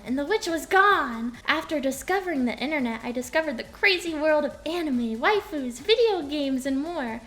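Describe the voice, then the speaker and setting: Bubbly, giggly female VTuber streaming from home; light, high voice, playful chat. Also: fairly bright tone. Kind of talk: casual live-stream chat.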